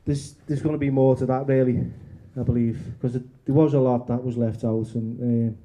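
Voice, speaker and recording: A male author reading his memoir aloud at a bookshop event, halting and correcting himself as he goes. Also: mid-range voice, little pitch movement, mellow. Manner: halting, restarts and self-corrections.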